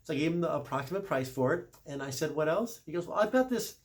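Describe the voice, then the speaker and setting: Middle-aged man, casual storyteller, slightly high voice, chatty with self-corrections. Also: fast talker. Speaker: service manager.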